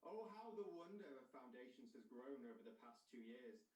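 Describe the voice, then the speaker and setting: Man doing a pompous Roman emperor, mock-solemn stately oratory, mid pitch, echoey and far off, from a video call. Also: very animated, normal speed, a little mellow, natural voice. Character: grandiose mock Roman emperor addressing his people. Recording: roomy, distant video-call audio.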